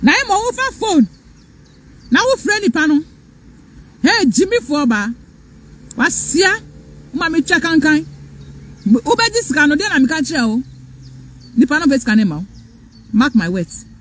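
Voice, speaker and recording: A woman's voice: high voice, big pitch swings, normal speed, long pauses, fairly bright tone, slight background noise. A Ghanaian woman hosting a live stream, lecturing fiercely and repeating her points. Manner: fiery, lecturing, repeats phrases, switches between English and Twi. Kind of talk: impassioned live-stream rant.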